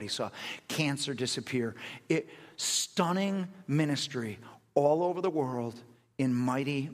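A man preaching a sermon, telling stories and acting out quotes, animated, laughing at himself. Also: mid-range voice. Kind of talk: sermon storytelling. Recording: long hall reverb.

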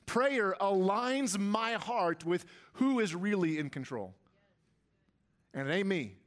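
A man's voice: sits high, expressive, slow pace. A man preaching a sermon as pastor, with emphatic delivery that rises and swells on key lines.

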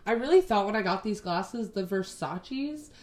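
A woman's voice: mid-range voice, expressive, normal speed, a little mellow. A woman in her twenties from Texas, chatting casually to her camera in a rambling, sweary way, full of "like". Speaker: vlogger.

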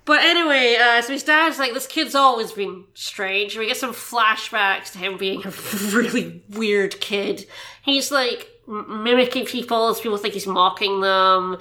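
Bright, chatty woman podcaster. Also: fairly high pitch, moderate pace. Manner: chatty, animated, self-interrupting. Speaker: podcast co-host. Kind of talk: casual movie-review chat.

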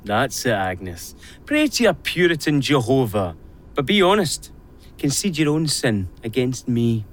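A man's voice: mid-range voice, sing-song, a little slow. An actor playing a cruel, self-pitying man who mockingly threatens a maid in a radio play. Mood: mocking menace.

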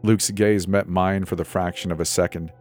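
A man with a very deep voice narrates a horror story in a measured, dramatic way. Faint music plays underneath. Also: fairly even intonation, darkish tone.

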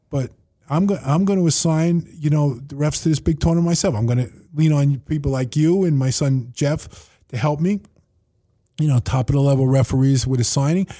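A man sits at a table for a casual podcast and tells animated stories, playing out each quoted line. His voice sits a little high but has a mellow, dark tone. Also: breathy edge. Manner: animated storyteller, quoting himself and others. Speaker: facility owner and manager.

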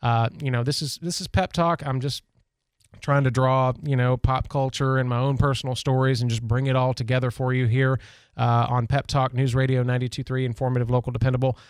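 A man's voice: medium pitch, flat delivery, brisk, clear, resonant tone, no echo. Guy hosting talk radio, chatty and rambly, lots of uhs, clean dry studio sound. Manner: rambling, chatty, with many fillers and restarts. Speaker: radio talk show host. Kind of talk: casual storytelling monologue. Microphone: studio microphone.

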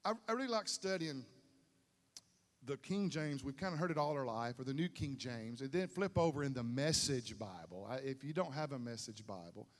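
A pastor with an animated, mid-range voice preaches a sermon at a moderate pace, folksy and repetitive, building to emphatic peaks. A long hall reverb surrounds him.

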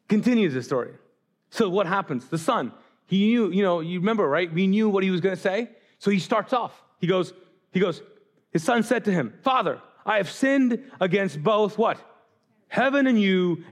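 A man from the Middle East preaching a sermon as pastor, conversational and animated, asking the crowd questions and acting out quotes. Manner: animated, acts out quotes with sudden pitch jumps; conversational, asks the audience questions.

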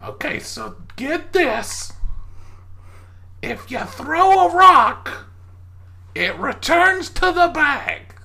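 A woman's voice: sits high, very animated, drawn-out words, vocal fry, long pauses, pushed and bright, exaggerated voice. A woman voicing a cheerful, pushy female shopkeeper with a playful, salesy manner in a tabletop game. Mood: sly, salesy. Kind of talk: tabletop role-play voicing.

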